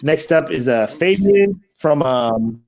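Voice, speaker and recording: A man's voice: a little high, animated, slow, darkish tone. A young man co-hosting a podcast, joking and swearing in casual chat. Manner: laid-back, joking, swearing. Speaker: podcast co-host.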